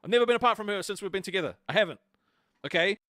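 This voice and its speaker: A man's voice: sits high, rapid-fire, pushed and bright, dry recording. A man arguing on a stream, aggrieved, defensive and swearing. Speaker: co-host of a stream. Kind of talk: heated argument on stream.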